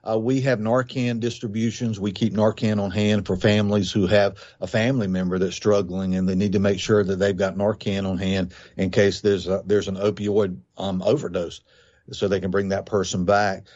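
Low-voiced guy explaining his ministry on the radio, earnest, muffled lo-fi sound. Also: little pitch movement, normal speed, darkish tone. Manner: earnest, explanatory, quotes scripture. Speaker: ministry founder, guest. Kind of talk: radio interview.

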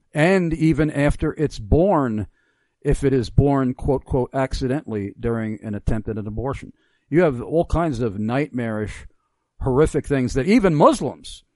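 A man's voice: medium pitch, darkish tone, no echo. A middle-aged man hosting a radio talk show, speaking emphatically in a preacherly way with many hesitations.

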